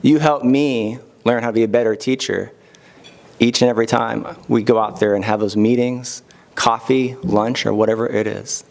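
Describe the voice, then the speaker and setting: A middle-aged man gives a heartfelt acceptance speech at an awards event. He thanks his students, family and colleagues one by one. His voice sits at an ordinary pitch, and he lightens it with small asides. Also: steady tone, moderate pace, gravelly, a little mellow. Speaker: award-winning teacher giving acceptance speech.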